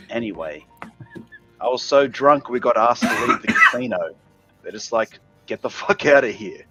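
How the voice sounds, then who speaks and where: A man's voice: lowish voice, bright, forceful tone, lo-fi sound. A tipsy man with an Australian accent, a guest telling a long story in a crude, heavily profane, rambling way. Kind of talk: casual storytelling.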